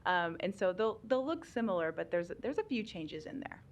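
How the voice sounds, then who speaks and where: A woman's voice: mid-range voice, big pitch swings, moderate pace. A woman giving a chatty talk on special education law at a public meeting, laughing often and using many ums.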